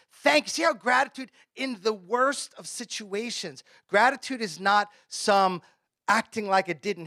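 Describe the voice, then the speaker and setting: Male pastor, high bright voice, chatty sermon delivery, dry close sound. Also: dry recording. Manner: conversational preaching, sudden drops to a hush.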